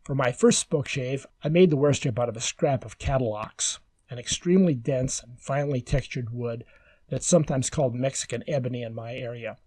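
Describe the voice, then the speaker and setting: A man giving calm, measured, step-by-step woodworking instructions as a scripted voice-over. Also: mid-range voice, slightly rough, dry recording.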